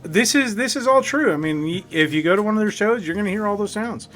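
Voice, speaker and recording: Man, co-host, slightly high, bright, enthusiastic, repeats himself. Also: animated, fast, faint music behind. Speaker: podcast co-host. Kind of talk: casual chat.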